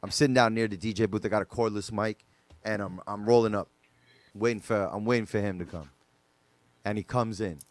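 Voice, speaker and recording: A man's voice: on the low side, steady tone, a little fast, no room sound. A man, a DJ guest on a podcast, telling stories casually with loose slang and lots of fillers.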